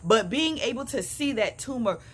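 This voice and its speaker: A woman's voice: a little high, lively intonation, moderate pace, a bit bright, slight background noise. A middle-aged woman sharing a personal faith testimony on a phone camera outdoors, earnest and conversational, often calling her viewers "y'all". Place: outdoors on a sunny morning.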